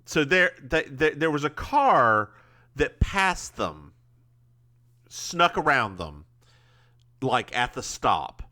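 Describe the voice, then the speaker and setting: A man co-hosting a podcast with a bright, ringing voice that jumps around a lot in pitch. He recaps an episode casually, rambling and animated as he tells it. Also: takes it slowly, long pauses. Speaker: podcast co-host.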